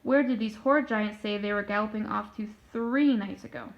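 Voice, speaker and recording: A woman voicing a brisk, commanding queen in a storybook reading, speaking loudly and firmly. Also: mid-range voice, close to an everyday voice. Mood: regal. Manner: loud, firm. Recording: dull lo-fi recording.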